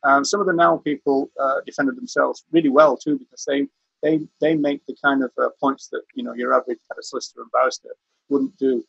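A man's voice: medium pitch, steady tone, fast talker, vocal fry, fairly bright tone, slightly rough, no room sound, dull audio. A man telling a rambling courtroom anecdote on a video call, restarting his sentences often. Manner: rambling storyteller, frequent restarts, chuckling. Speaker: interview guest, veteran activist.

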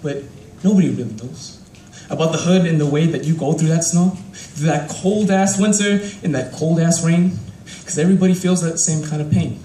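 A man's voice: fairly high pitch, normal speed, dark tone, slight background noise. Young man performing roomy spoken word. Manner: rhythmic, rhyming, heartfelt delivery. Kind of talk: live spoken word piece. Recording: echoey room from a distant mic.

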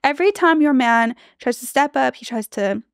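A young woman host gives relationship advice in a chatty, earnest way, leaning on fillers and acting out little quoted exchanges. Her voice sits a bit high and sounds smooth and clear. The recording is dry and close, with no room sound. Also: expressive, normal speed, dry recording. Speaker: relationship coach and podcast host. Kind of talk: casual advice monologue.

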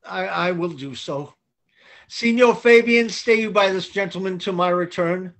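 A man's voice: sits high, measured pace, fairly bright tone. A man reading a boisterous, scheming knight in a Zoom play reading, with a blustering, persuasive delivery. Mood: bold. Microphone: video call.

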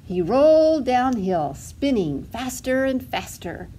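A woman's voice: fairly high pitch, big pitch swings, slow, mellow, slight background noise. A woman librarian reading a storybook aloud to toddlers in a sing-song way, asking the children questions as she goes.

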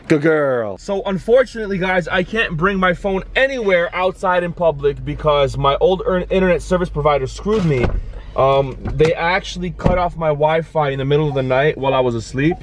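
A man's voice: fairly high pitch, lively intonation, normal speed, slight background noise. Upbeat chatty young man vlogging. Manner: chatty, rambling, upbeat cheering at the dogs. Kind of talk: casual vlog talk to camera. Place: in a car and outdoors.

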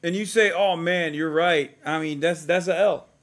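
Male streamer in his thirties, high-pitched, blunt and profane, mocks a clip he's reacting to. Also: steady tone, normal speed, fairly bright tone. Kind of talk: live stream reaction commentary.

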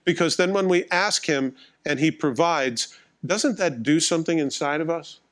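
A man's voice: fairly high pitch, moderate pace. A middle-aged male pastor delivering a sermon in a conversational, wry, self-mocking way, acting out little dialogues.

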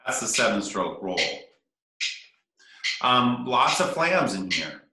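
A man's voice: mid-range voice, big pitch swings, takes it slowly, sharp tone. A man teaching percussion, counting rhythms aloud and explaining in an easygoing way. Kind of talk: casual instruction. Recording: echoey room.

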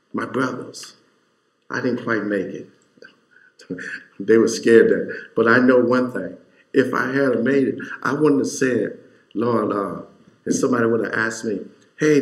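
Folksy preacher man in an echoey church. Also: mid-range voice. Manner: storytelling, rising to fervent emphasis; folksy, informal grammar. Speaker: pastor. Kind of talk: sermon. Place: church sanctuary.

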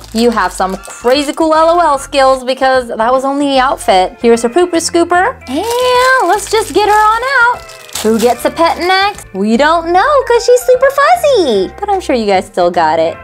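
A woman hosting a toy unboxing video, cheerfully talking straight to the viewers. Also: sits high. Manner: cheerful, addresses viewers directly. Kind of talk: casual unboxing narration.

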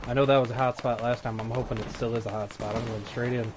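A man's voice: medium pitch, flat delivery, quick pace, background noise. A man streaming live gameplay, chatting and playfully taunting opponents as he plays. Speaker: game streamer. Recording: game gunfire behind voice. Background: game gunfire and effects.

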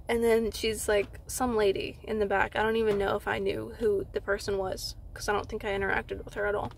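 A young woman telling a storytime vlog from inside a car. She retells it in an animated way, fills her talk with "like" and acts out what others said. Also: fairly high pitch, moderate pace, creaky, a little hiss or hum. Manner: animated retelling with frequent "like" fillers, acting out others' lines. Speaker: vlogger.

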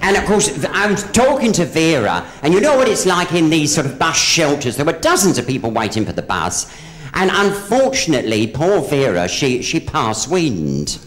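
Man, stage comic, gossipy live storyteller with a very animated voice. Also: a little high, normal speed. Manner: chatty gossipy storyteller, hops in and out of voices for each character. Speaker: stand-up comedian. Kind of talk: live stand-up joke telling. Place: theatre stage with a live audience.

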